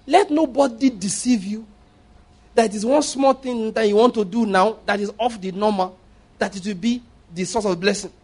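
A man with a high-sitting, slightly mellow voice preaches a sermon as a pastor. He's emphatic, repeating phrases and firing rhetorical questions at his listeners.

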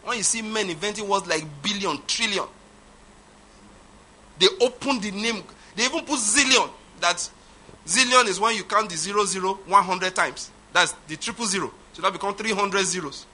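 Man, pastor, emphatic sermon, high bright voice. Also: moderate pace. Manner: emphatic, repetitive, laughs at his own points.

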